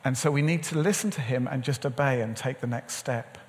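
A man's voice: mid-range voice, a little fast. A middle-aged man preaching a sermon, telling a personal story in a conversational way and acting out the dialogue. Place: large church or event hall. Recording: long hall reverb.

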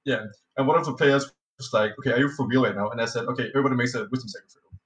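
Talking very fast in a mid-range, fairly bright voice with fairly even intonation, this Danish-born podcast guest tells a meandering tabletop game anecdote. Fillers, restarts and curses pepper the casual chat, and the recording carries a roomy echo, as if he's slightly off-mic.

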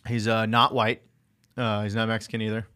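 A man in casual conversation whose voice is bright and forceful. He swears constantly and tells animated stories, slipping into the voices of people he quotes. He sounds like an everyday working guy who wants to be a comedian. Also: lowish voice, a little fast. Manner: profane, animated storytelling with acted-out voices. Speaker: electrician and aspiring comedian. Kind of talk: casual chat.

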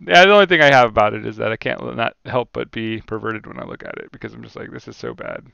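A man with a gravelly, bright voice talks through a card game list in a rambling, animated way and laughs often. The sound is dry and a little muffled, as if from a lo-fi mic. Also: mid-range voice, quick pace, no echo. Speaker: podcast co-host. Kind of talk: casual card game discussion.

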